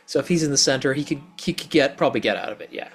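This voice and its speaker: A man's voice: medium pitch, rapid-fire, husky, soft background music. Rules-minded man at a game table. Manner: rules-minded, explains mechanics carefully. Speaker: player. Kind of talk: casual tabletop game chat.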